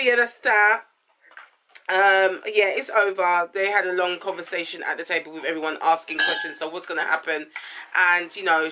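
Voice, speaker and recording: A woman chats casually through her review, rambling and correcting herself as she goes. Her voice is bright and forceful. Faint noise hums behind her. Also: lowish voice. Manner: chatty, rambling, self-correcting, says "it is what it is". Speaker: host reviewing a reality TV episode. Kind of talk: casual chat.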